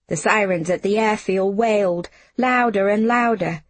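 Woman, audiobook narrator, first-person novel, measured, slow, slightly husky, dry close recording. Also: medium pitch, dry recording. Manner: unhurried, measured storytelling.

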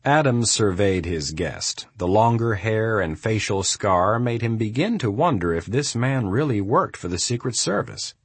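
A man narrating a thriller audiobook in a steady, measured storytelling manner. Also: lowish voice, husky, no room sound. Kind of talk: scripted narration.

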